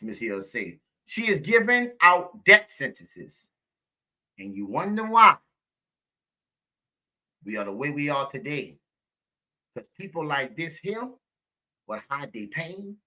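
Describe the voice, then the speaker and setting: A man's voice: mid-range voice, bright, forceful tone. Preachy man talking to his live viewers. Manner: preachy, repeats himself, calls viewers baby. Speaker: live show host.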